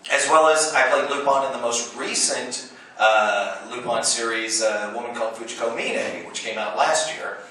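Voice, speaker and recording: A middle-aged man, a voice actor and convention panel guest, telling lively anecdotes with frequent laughter and acted-out quotes. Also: medium pitch, normal speed. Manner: animated storyteller, laughs often, quotes others. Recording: roomy hall recording from far off with noise.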